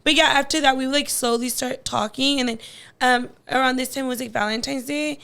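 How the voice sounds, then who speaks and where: High-voiced chatty young woman telling a story. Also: fairly even intonation, fairly quick, gravelly, bright, forceful tone, smooth. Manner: chatty, many likes, acts out quotes. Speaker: guest. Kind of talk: casual storytelling.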